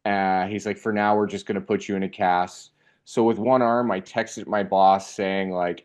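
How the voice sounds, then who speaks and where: A young man telling a funny personal story in a casual, animated way, acting out the voices of the people in it. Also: sits low, moderate pace, smooth. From Canada.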